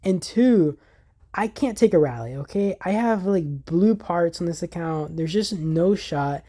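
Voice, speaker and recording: A man hosting a gaming channel, giving casual gameplay commentary in an excitable, exasperated way, often restarting his sentences and talking to viewers as guys. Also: sits high, measured pace.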